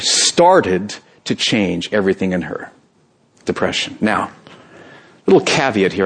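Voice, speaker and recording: A middle-aged pastor preaching to his church in a husky, slightly breathy voice. He talks earnestly, climbing high and emphatic on key points, then sinking quiet and low when he voices a prayer. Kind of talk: sermon.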